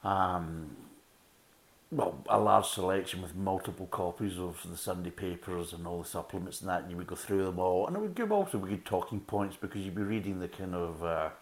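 A middle-aged podcast host with a low voice and a slightly fast pace gives a laid-back beer review. He wanders off topic with friendly asides as he tastes.

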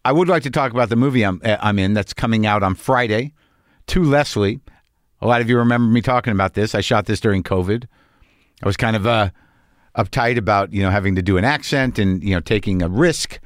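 A man's voice: mid-range voice, no room sound, clean studio sound. A man in his fifties, hosting a podcast, rambling through a casual, profane, self-deprecating monologue. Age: 50s. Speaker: podcast host.

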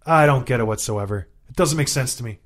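A man in his thirties, a former hockey player co-hosting a casual sports chat, ranting in an animated, exasperated way and repeating himself for emphasis. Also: mid-range voice, fast talker. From Canada.

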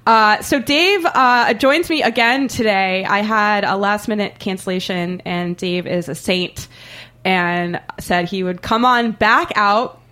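Mujer presentadora que habla rápido y con entusiasmo. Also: female voice, medium pitch. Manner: quick, excitable, laughs often. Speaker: podcast host. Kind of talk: casual chat. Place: studio, live show.

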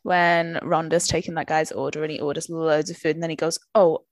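A woman's voice: deep voice, level tone, brisk, no room sound. A young woman chatting casually as a podcast co-host, telling stories expressively with gasps and laughs. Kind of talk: casual chat.

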